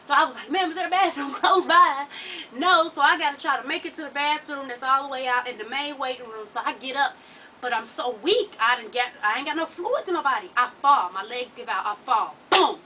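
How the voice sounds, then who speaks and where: A woman's voice: high-pitched, fairly quick, distant mic, slight background noise, poor audio. A woman telling a long story to her viewers, laughing and swearing freely. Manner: profane, animated, laughs while telling. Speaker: vlogger.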